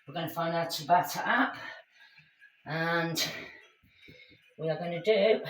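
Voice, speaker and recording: A fitness instructor leads a live workout class, chatty and encouraging as she calls out exercises to her group. Her voice is fairly low and fairly bright, with a little hiss or hum, and it sounds echoey from a mic set at a distance.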